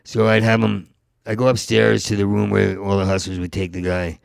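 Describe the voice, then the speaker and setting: Gravelly, stammering comic storyteller man. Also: on the low side, completely flat delivery, fairly quick, no room sound. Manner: stuttering repetitions, jumping into character voices. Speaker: comedian guest.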